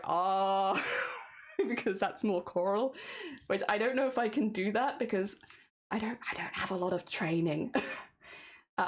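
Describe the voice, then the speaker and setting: Giggly woman streaming as she edits. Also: mid-range voice. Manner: giggly and self-deprecating, narrating each editing step. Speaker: streamer recording a song cover. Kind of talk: casual livestream chat while editing audio.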